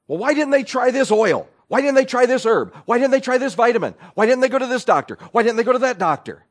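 A man's voice: big pitch swings, heavily acted. A man putting on the voice of a pushy know-it-all funeral visitor who fires off unwanted advice. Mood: hectoring. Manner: shrill, hectoring, rapid-fire advice.

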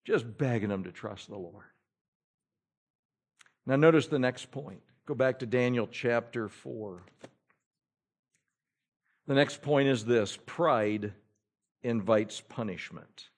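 A man preaching a sermon, moving between loud exhortation and hushed pleading, and reading scripture in an old-fashioned cadence. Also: mid-range voice, slow, long pauses. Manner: emphatic, rising and falling between loud exhortation and pleading hush.

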